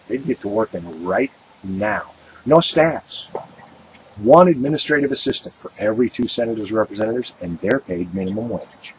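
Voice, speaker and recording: A man's voice: on the low side, a little hiss or hum, rough recording. A man hosting a radio show, delivering a blunt and emphatic political monologue that hammers its points through repetition.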